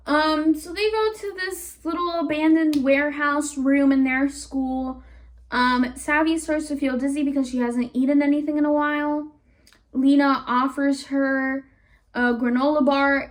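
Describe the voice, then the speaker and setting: A YouTube reviewer with a high voice recaps a cartoon series casually and animatedly, dropping sarcastic asides and wandering off on rambling tangents.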